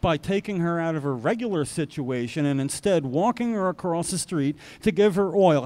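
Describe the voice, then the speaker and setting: A man's voice: fairly high pitch, a little mellow. A man co-hosting a live political talk show, ranting with indignation.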